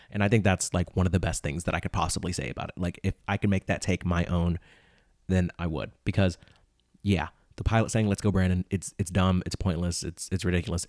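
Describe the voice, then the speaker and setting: Incredulous young man ranting, low voice. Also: steady tone, a little fast, a little mellow, dry recording, clean studio sound. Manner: incredulous, ranting, mock voices for imagined people. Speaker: podcast host. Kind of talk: casual commentary reading tweets.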